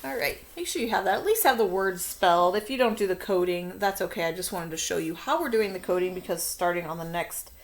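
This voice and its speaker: A woman teaching a children's spelling lesson, dictating words slowly and walking through how to mark each syllable. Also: on the low side, animated. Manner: slow, stretched-out word dictation.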